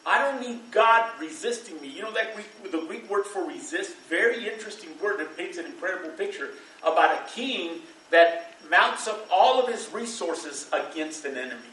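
A man's voice: high voice, lively intonation, normal speed, few pauses, fairly bright tone, reverberant, distant mic, poor audio. A middle-aged man preaching a sermon to a church congregation, in a loose, conversational way, with fillers and bursts of laughter. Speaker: pastor.

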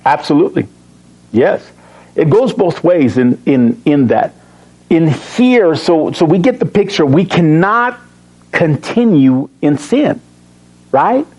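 A man teaching a Bible study, reading verses slowly and stressing key words, with joking asides to his class. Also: fairly high pitch, sing-song, darkish tone, breathy edge, poor audio. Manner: emphatic, slows to read verses, joking asides.

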